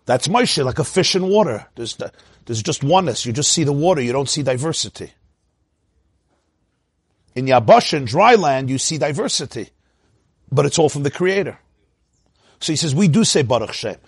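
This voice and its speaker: Husky guy teaching torah, voice jumps way up and down, dry close sound, slightly high. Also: moderate pace, long pauses, no room sound. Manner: animated, laughs often, swoops up into a high voice. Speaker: rabbi teaching a class.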